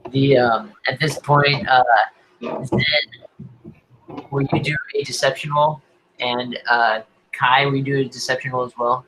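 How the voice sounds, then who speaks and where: A man's voice: mid-range voice, little pitch movement, unhurried, long pauses, fairly bright tone, a little hiss or hum, low-quality recording. A young man narrating as game master on a video call, hesitant and full of ums as he describes the scene.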